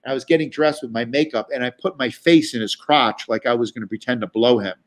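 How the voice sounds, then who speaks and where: A man's voice: mid-range voice, brisk. A man telling tour stories in a chatty, profane way with many restarts and fillers. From New York. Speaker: guest comedian. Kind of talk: casual storytelling.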